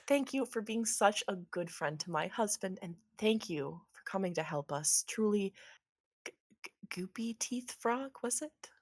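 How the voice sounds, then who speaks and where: A woman doing a soft, composed weary wife. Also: mid-range voice, expressive, a little slow, dry recording, clean studio sound. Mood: polite.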